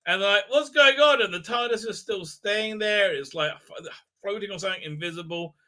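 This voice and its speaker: A man's voice: high-pitched, steady tone, brisk, pushed and bright. A man hosting a live stream, recapping an episode in a sarcastic, rambling way with many fillers. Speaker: host.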